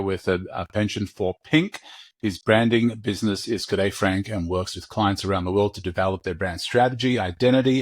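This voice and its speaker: A man's voice: lowish voice, no echo, studio quality. A man hosting a podcast interview, friendly and joking, laughing easily with his guest. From Australia. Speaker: podcast host.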